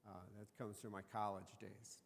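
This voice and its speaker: A man's voice: fairly low pitch, flat delivery, moderate pace, creaky, slight background noise. A man preaching a sermon as a pastor, telling the story in a joking, conversational way. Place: church sanctuary. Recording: reverberant church sanctuary.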